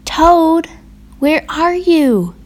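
Frog is an eager, cheerful storybook frog, as a woman reading aloud puts him on. His voice jumps up high and calls out with bright excitement. He talks with a clear, friendly pleading eagerness. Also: slow. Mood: excited.

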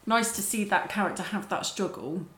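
A woman chatting casually about a film, playful and quick to act out quotes. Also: mid-range voice, a bit bright. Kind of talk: casual film discussion chat. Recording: echoey room.

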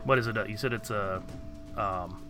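Male tabletop player, low voice, hesitant, music clearly audible behind. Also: normal speed. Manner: hesitant, speaks his actions aloud. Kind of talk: casual in-character tabletop play.

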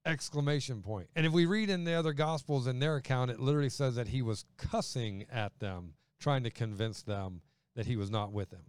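A man's voice: medium pitch, a little fast, clear, resonant tone, no room sound. A man preaching a sermon in a conversational way, acting out quoted voices as he goes. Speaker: pastor.

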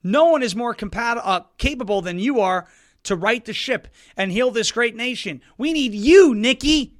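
A man's voice: high voice, moderate pace, a bit bright. A man hosting a political talk show, in a sarcastic and mocking style, often slipping into put-on quotes. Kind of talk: animated political commentary.

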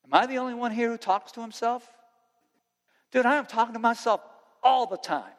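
A man preaching a sermon to students as their pastor, impassioned, swinging between loud preaching and quiet earnest talk. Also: very high-pitched, expressive, brisk, long pauses, long reverb tail. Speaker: youth pastor.

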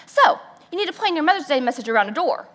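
A woman voicing her excitable husband, a pastor who is eager about his big ideas and pushes them on her. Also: extremely high pitch, fast, voice pushed up, full character voice. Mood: excited.

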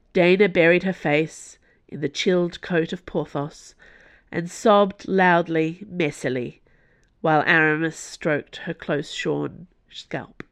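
A woman narrating an audiobook in a measured, even way. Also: deep voice, no room sound. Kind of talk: scripted narration.

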